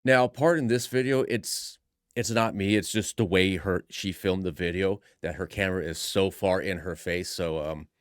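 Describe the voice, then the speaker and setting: A man's voice: low-pitched, normal speed, dry recording, studio quality. A man hosting reaction commentary, speaking in a sarcastic, mocking way. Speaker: commentary host.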